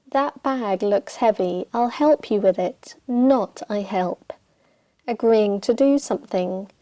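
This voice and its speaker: A woman narrating a scripted English grammar lesson, speaking slowly and deliberately and reading example sentences aloud. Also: fairly high pitch, dark tone, no room sound. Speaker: English teacher.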